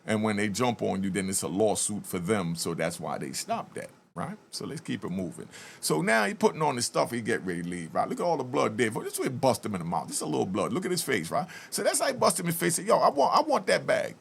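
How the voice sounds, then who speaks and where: A man's voice: on the low side, very animated, fast, vocal fry, a little hiss or hum. A man hosting a channel, casually commenting over a video and telling his own prison stories, acting out what people said and urging viewers to comment. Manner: storyteller who acts out quoted speech and keeps urging viewers to comment.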